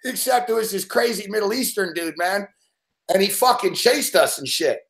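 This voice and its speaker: A show host with a high, gravelly voice tells rowdy stories in a casual chat at a moderate pace, swearing constantly and laughing as he goes. He's an animated storyteller, recorded in an echoey room.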